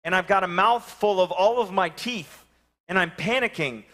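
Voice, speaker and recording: A man, preaching a sermon and telling lively personal stories, acting out the voices of the people in them. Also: high voice, moderate pace. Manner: animated storytelling, acting out voices. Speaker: pastor. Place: church sanctuary.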